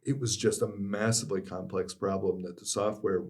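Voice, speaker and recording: Low-voiced, measured male podcast host. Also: fairly even intonation, darkish tone. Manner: measured, reflective, leans on "you know". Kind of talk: conversational podcast interview.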